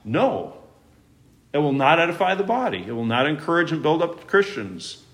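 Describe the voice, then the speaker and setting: A middle-aged male pastor preaching a sermon, emphatic, with sudden loud rises and soft drops. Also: fairly high pitch, sing-song, moderate pace.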